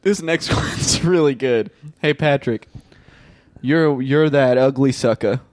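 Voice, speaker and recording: A man's voice: mid-range voice, takes it slowly, no room sound. A young man co-hosting a podcast, bantering playfully, laughing and reading comments aloud. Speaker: podcast co-host.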